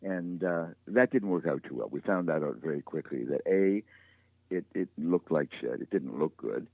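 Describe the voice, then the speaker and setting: Older guy, really low gravelly voice, relaxed storyteller, tinny phone call sound. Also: normal speed, no echo. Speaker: show creator being interviewed. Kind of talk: interview on a call. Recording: tinny phone line, dry.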